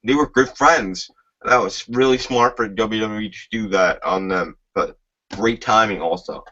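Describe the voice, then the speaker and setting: A man's voice: on the low side, unhurried, pushed and bright. A man in a casual chat, rambling and profane, often groping for names mid-sentence. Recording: dull lo-fi.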